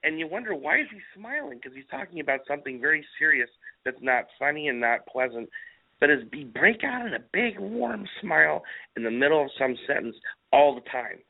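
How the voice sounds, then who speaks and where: A man's voice: fairly high pitch, big pitch swings, a little fast, gravelly. A man talking casually on political talk radio, rambling and emphatic, often repeating himself. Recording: narrow phone-like radio sound.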